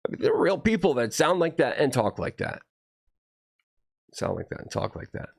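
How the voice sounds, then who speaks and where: Brief: solo video host, rambling profane rant, raspy low fry, very animated delivery. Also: male voice, normal speed. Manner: profane, heated, swings between low mutters and raised outbursts. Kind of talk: rambling ranting monologue.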